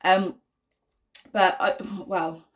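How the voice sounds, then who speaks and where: A young woman in a casual vlog, chatting straight to camera about everyday life as a mum. Her voice sits a little low, and she talks in an earnest, reassuring way. She leans on plenty of ums and you-knows. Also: little pitch movement, extremely slow. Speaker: vlogger, mother of an autistic son.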